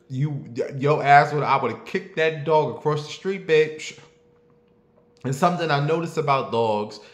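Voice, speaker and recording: A sassy, foul-mouthed man tells a story as a casual rant. He sounds animated and mocking, and he breaks into barking noises. His voice sits at an average pitch and rings in a roomy echo. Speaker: online commentator.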